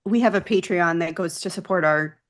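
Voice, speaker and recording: A woman's voice: fairly low pitch, fairly quick. A woman guest on a podcast, a mental health practice founder, explaining things earnestly in a casual interview.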